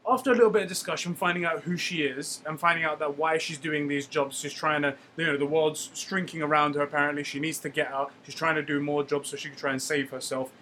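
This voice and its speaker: A man's voice: on the high side, fast talker, hardly any pauses, a little hiss or hum. A man co-hosting a casual podcast, animatedly retelling a film scene by scene. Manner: animated retelling, acts out quotes. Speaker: podcast co-host. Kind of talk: casual film recap chat.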